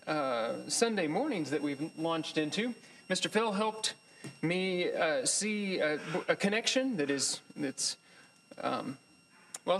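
A man teaching a Bible class in a thoughtful, halting way, with many pauses, fillers and restarts. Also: fairly high pitch, fairly bright tone, slight background noise, poor audio. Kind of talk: lecture.

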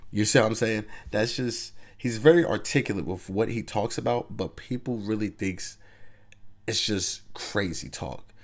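A man hosting his own podcast, talking loosely and conversationally as he gives his opinions and keeps asking the listener to agree. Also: on the low side. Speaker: podcast host. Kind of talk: casual opinion monologue.

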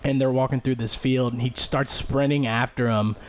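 Profane, animated storytelling man. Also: mid-range voice, normal speed, a little hiss or hum. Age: late 20s. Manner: animated, profane, acts out quotes. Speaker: podcast co-host. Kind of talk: casual storytelling.

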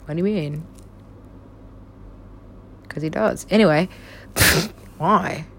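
A woman's voice: lowish voice, slow pace, creaky, fairly bright tone, slight background noise. A young woman chatting casually and rambling about stories she has written, laughing often and swearing freely. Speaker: writer describing her own stories.

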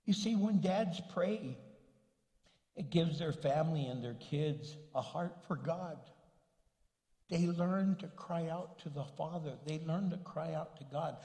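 A man's voice: a little high, measured pace, dark tone. An older man preaching a sermon as a pastor, in a conversational, joking way. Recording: echoey hall with long reverb.

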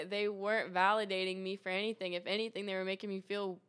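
A woman's voice: medium pitch, level tone, a little fast, a bit bright, smooth. A young woman telling her faith testimony in a casual chat, earnest and full of fillers and restarts. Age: young adult. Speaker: guest sharing testimony.

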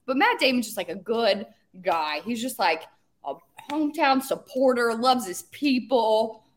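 A woman's voice: a little high, lively intonation, measured pace. Chatty young-sounding woman co-host. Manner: chatty, filler-heavy, with "like" and "um". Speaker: podcast co-host. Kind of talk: casual chat.

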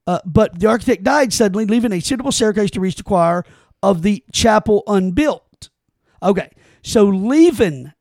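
Gravelly high-voiced man, podcast chat. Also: a little mellow, no room sound, studio quality. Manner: reads aloud haltingly with restarts and exclamations. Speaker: podcast co-host.

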